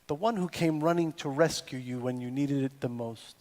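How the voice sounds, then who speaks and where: A man preaching a sermon as cantor in a synagogue, with a deliberate delivery built on poetic repetition. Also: medium pitch, a little mellow. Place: synagogue sanctuary. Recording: long reverb in a large hall with faint music.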